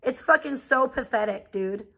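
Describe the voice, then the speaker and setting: A woman's voice: high-pitched, normal speed, gravelly, a bit bright, slightly rough, low-quality recording. A woman live streamer ranting to her chat in a heated, profane, confrontational way. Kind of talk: angry live-stream rant.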